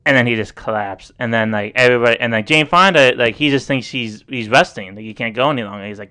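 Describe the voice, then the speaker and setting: Rambling man with a bright, smooth voice. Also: medium pitch, quick pace, hardly any pauses. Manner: rambling, full of "like" fillers. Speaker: podcast co-host. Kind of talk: casual chat.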